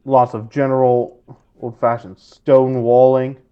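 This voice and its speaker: A man running a tabletop game as game master, narrating in an animated, rambling way. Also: mid-range voice, measured pace, smooth, lo-fi sound.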